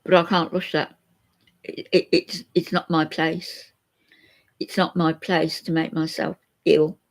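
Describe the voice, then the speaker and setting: A woman's voice: low-pitched, flat delivery, measured pace, gravelly. An older woman, chatting openly to viewers in a rambling way and reading out their comments. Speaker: vlogger chatting to live viewers. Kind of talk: emotional live chat.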